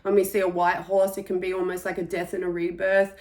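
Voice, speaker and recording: A woman giving a spiritual energy reading for the month, talking in a gentle, reflective way with soft pauses. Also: on the low side, completely flat delivery. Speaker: intuitive energy reader.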